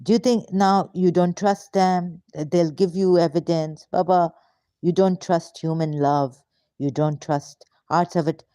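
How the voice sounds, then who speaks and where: A woman's voice: lowish voice, steady tone, unhurried, mellow, no echo, studio quality. A woman vlogger delivering an angry, frustrated, confrontational monologue straight to her viewers. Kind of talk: ranting monologue to camera.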